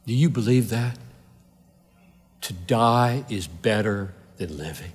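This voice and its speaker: A man's voice: lowish voice, lively intonation, takes it slowly, slightly rough. A man preaching a sermon with fervor, driving his points home through repeated rhetorical questions. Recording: long hall reverb.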